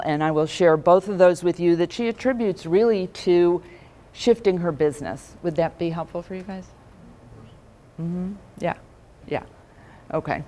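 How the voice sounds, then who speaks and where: A woman's voice: lowish voice, a little mellow, a little hiss or hum. A middle-aged woman giving a conversational keynote talk to a room of financial advisors, telling stories and putting questions to the audience.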